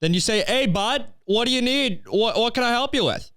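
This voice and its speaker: A man's voice: very high-pitched, animated, moderate pace, sharp tone, no echo, voice pushed up, heavily acted. A man voicing an overeager, friendly male store clerk who gushes to please every customer. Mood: gushing. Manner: gushing, eager to please, upbeat.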